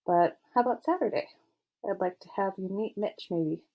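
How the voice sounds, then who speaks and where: A woman voicing a gentle, earnest teenage boy football star in an audiobook, speaking softly and with some hesitation. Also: medium pitch, normal speed, husky. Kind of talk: audiobook character voice.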